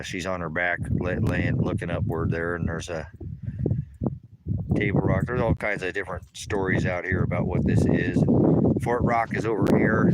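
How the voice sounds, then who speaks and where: A man casually giving a rambling walking tour of a high desert ranch outdoors, pausing often as he talks. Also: background noise. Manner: rambling, relaxed, hesitant with many pauses. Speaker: channel host.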